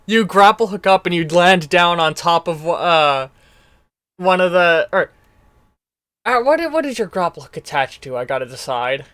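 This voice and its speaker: A man's voice: sits high, expressive, moderate pace, sharp tone, clear, resonant tone, no echo. A man running a tabletop role-playing game, narrating the scene with rambling restarts. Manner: rambling, many restarts and fillers. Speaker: game master.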